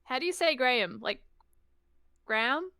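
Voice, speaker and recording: A woman's voice: on the high side, moderate pace, bright, forceful tone, clear, resonant tone, dry recording, studio quality. An Australian woman rambling in casual chat as a stream guest, giggly and full of "like".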